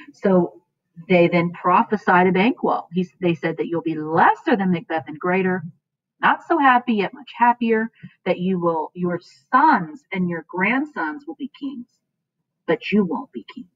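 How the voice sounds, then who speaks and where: A woman teacher talks students through a play in a casual, chatty way, full of fillers. Her voice sits fairly low, and the recording is dry and lo-fi with a dull tone. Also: lively intonation, a little slow, dry recording.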